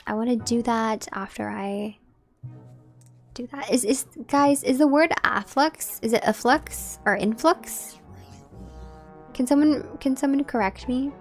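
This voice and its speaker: A woman's voice: fairly high pitch, gravelly. A woman streaming a game and chatting casually with her viewers, musing aloud. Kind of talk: casual gameplay commentary.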